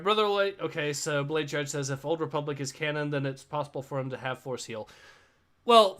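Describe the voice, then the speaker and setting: A man co-hosting a casual livestream, reading viewer comments aloud in a dry, flat way. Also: a little high. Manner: reads chat messages in a flat, dry tone. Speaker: co-host reading a comic on a livestream.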